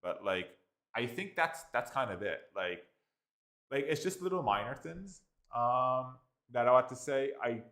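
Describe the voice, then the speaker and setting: An Irish man giving a casual spoken software review, rambling with constant fillers and restarts. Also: mid-range voice. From Ireland.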